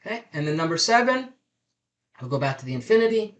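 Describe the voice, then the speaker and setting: A man's voice: on the high side, big pitch swings, fast talker. A man leading a live online self-development class over a webcam, guiding exercises and repeating affirmations aloud.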